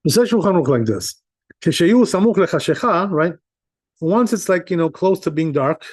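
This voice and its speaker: Relaxed male rabbi teaching, conversational and a bit higher-pitched. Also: normal speed, husky. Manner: conversational, sprinkles in "right?" and "you know", chuckles often. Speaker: rabbi teaching Jewish law. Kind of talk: casual Torah class.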